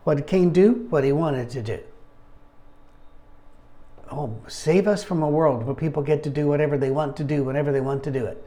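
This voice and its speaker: A man leading a casual Bible study, talking conversationally with wry asides and frequent throat-clearing. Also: fairly high pitch, normal speed, pauses often, mellow.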